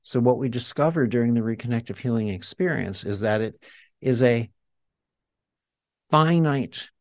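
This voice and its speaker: A man speaking as a guest in a reflective interview, explaining his ideas patiently like a teacher leading an exercise. His voice sits at an ordinary pitch and is recorded dry, with no room sound around it. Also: moderate pace, no room sound. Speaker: healer and guest.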